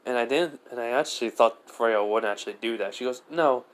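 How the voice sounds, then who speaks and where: A man improvising a fan-fiction story aloud in a rambling way, with many fillers and restarts, and with brief higher voices for the women in it. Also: a little fast.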